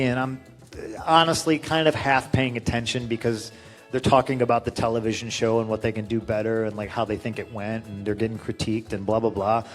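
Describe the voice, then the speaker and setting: A man casually telling a story in an interview, animated, acting out what people said with a raised voice. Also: medium pitch. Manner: animated, acts out quotes with raised voice.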